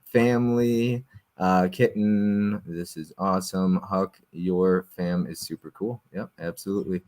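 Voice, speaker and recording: A man's voice: low-pitched, fairly even intonation, a little slow, darkish tone. A man hosting a live stream in casual chat, reading viewer comments aloud, friendly, with lots of fillers. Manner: friendly, chatty, frequent fillers and laughs.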